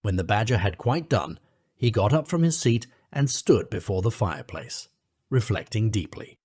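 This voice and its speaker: A man reading a children's classic aloud as an audiobook narrator in measured storytelling. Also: fairly low pitch, big pitch swings, darkish tone, slightly rough, no echo, clean studio sound. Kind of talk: scripted narration.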